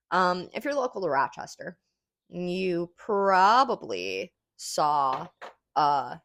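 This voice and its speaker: A woman with a somewhat low voice hosts a podcast in loose, rambling chat. She swears freely, laughs often and sounds relaxed as she smokes between thoughts. The sound is dry and close. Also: no room sound. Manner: relaxed, smoking while talking. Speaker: podcast host.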